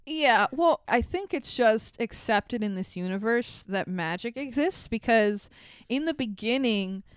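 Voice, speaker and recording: Brief: young woman, podcast co-host, smooth clear voice, dry close sound, laughs a lot. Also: on the high side, animated, measured pace, dry recording. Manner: laughs often, acts out characters' lines. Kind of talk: casual movie-recap chat.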